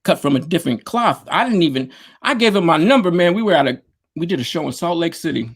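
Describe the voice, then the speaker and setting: A man's voice: on the high side, lively intonation, fast, husky. A man, a DJ and producer, telling stories in a casual interview, rambling with lots of fillers and slang over a video call. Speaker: guest, DJ and producer.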